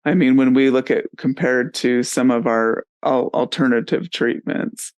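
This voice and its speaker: A man's voice: medium pitch, a little slow, a little mellow, clean tone, dry recording. A man hosting a podcast interview, agreeable and encouraging as he asks questions. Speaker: podcast host.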